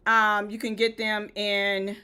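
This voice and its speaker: A woman's voice: mid-range voice, little pitch movement, takes it slowly, pushed and bright, clean tone. A woman with a Southern US accent giving a step-by-step live-stream tutorial, often checking in with viewers. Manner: step-by-step instructive, checks in with "okay?". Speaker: event decor host. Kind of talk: live-stream how-to demo.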